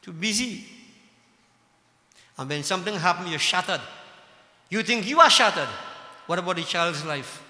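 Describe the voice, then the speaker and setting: A man's voice: high voice, expressive, moderate pace, bright, forceful tone. A man preaching a sermon to devotees, scolding and impassioned, full of rhetorical questions. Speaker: religious leader addressing devotees. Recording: echoey hall with long reverb.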